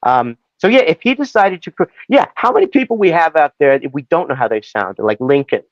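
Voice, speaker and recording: A man's voice: fairly high pitch, a little fast, dry recording, lo-fi sound. A male actor guest chatting in an interview, telling rambling stories and slipping into voices. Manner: rambling, animated storyteller who slips into voices. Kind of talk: casual interview chat.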